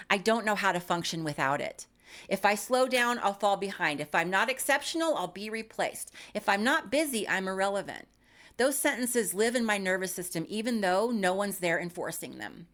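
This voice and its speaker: A woman in her fifties delivers a scripted comedic monologue in a middle-pitched voice. She is wry and self-mocking, landing dry punchlines about her own habits. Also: a bit bright. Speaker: YouTube creator.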